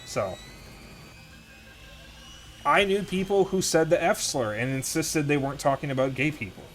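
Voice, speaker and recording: A man's voice: on the high side, animated, moderate pace, slight background noise. A young man streaming a video game, chatting candidly with viewers, swearing freely and rambling with fillers. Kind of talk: casual gameplay commentary.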